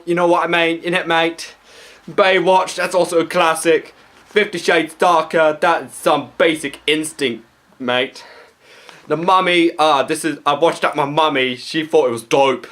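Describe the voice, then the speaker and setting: A man's voice: a little high, a bit bright, lightly acted. A man voicing a brash young male chav with a British accent, peppering every line with slangy tags. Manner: slangy, with filler tags like innit and mate.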